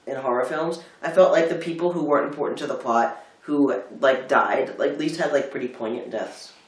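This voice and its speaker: A man's voice: mid-range voice, a little fast. A man from Philadelphia co-hosting a casual film chat, telling rambling stories and acting out what people said. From United States (Philadelphia). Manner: rambling storyteller, acts out quotes. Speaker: film review co-host. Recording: roomy, distant mic.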